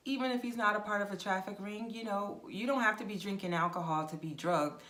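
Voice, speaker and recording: A woman talks straight to the camera as a travel vlogger. She is frank and direct, with an animated, conversational delivery. Her voice sits in an ordinary middle pitch. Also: a little fast, slight background noise. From United States. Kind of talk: casual advice monologue.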